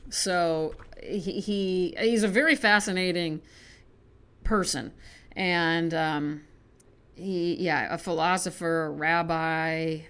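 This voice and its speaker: American woman, lowish voice, chatty, rambling asides, casual poetry reading. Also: fairly even intonation, slow pace, a bit bright, clean tone. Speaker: poetry reader.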